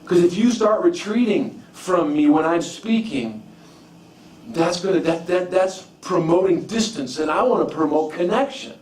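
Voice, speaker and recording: A man's voice: high-pitched, lively intonation, normal speed, darkish tone. A man preaching a conversational sermon, repeating and restarting phrases as he tells personal stories. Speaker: pastor. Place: church sanctuary. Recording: echoey room from far off.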